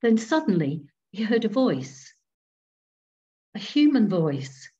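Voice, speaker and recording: A woman reading a ghost story aloud at home to a group on a video call, slow and deliberate. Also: mid-range voice, very animated, mellow. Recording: dull video call audio.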